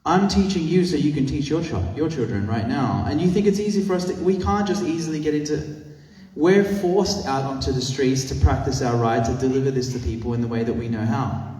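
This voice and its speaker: A man leading an outreach training, telling a story with animated, sweary acted-out quotes. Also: mid-range voice, fairly quick, hardly any pauses, reverberant, long reverb tail, far from the mic, rough recording. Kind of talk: storytelling in a talk.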